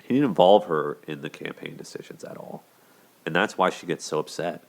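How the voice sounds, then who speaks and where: A man hosts a show in a deep voice with vocal fry, moving briskly through casual talk about relationships. Fillers like "you know" and "like" crop up often, along with plenty of restarts, keeping it conversational.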